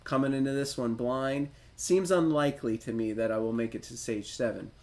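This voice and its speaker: A man's voice: mid-range voice, moderate pace, a little mellow. A man hosting a retro gaming livestream, reading a game manual aloud and riffing on it in a chatty, self-deprecating way. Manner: chatty, self-deprecating, reads instructions then riffs on them.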